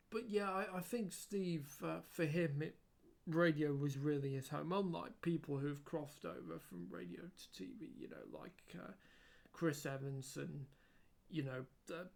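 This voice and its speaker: A man talks through a casual spoken tribute in a slightly raised, gravelly voice. He pauses often, fills gaps with ums and restarts his sentences. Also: fairly high pitch. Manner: hesitant, frequent ums and restarts. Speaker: video creator.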